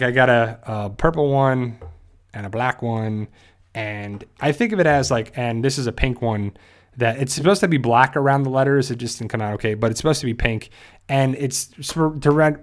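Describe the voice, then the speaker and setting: Hosting a casual YouTube livestream, a man with a medium pitch talks in a halting way, restarting often and filling gaps, becoming emotional at moments.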